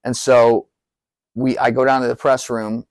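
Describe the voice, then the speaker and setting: Animated, swearing storytelling man. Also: a little slow, dry recording. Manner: animated, profane, acts out quotes with rising pitch. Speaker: podcast guest. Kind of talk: casual storytelling.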